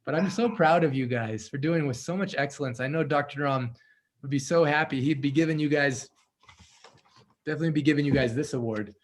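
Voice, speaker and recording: A man's voice: on the high side, brisk. A man hosting a video call with translators, talking in an effusive, upbeat way and laughing often. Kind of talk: casual video call chat.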